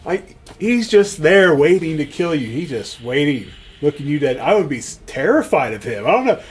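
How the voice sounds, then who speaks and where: A man co-hosting a podcast, chatting casually about horror movies with easy laughs and lively banter. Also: a little high, moderate pace, husky. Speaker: podcast co-host.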